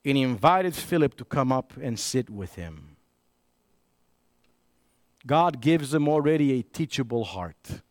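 A man preaching a sermon as a pastor, swinging between raised, emphatic preaching and hushed, intimate storytelling, often repeating and restarting words as he tells a story. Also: medium pitch, sing-song, a little slow, long pauses, no echo. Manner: repeats and restarts words when telling stories.

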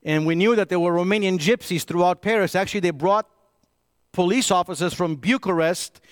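A male pastor delivering a sermon in a somewhat high voice. He moves between loud, emphatic points and quiet, close storytelling, restarting phrases as he goes. The recording is dry with no room echo. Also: fairly quick, clear, resonant tone. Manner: swings from raised, emphatic preaching to hushed, intimate storytelling; repeats and restarts words when telling stories.

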